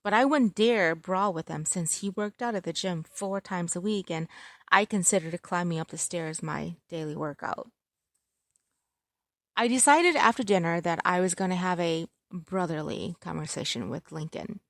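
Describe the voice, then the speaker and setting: A woman reads a first-person romance story in a wry, conversational tone. Her voice is on the low side, and the recording is dry and close. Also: normal speed, no echo. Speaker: story narrator.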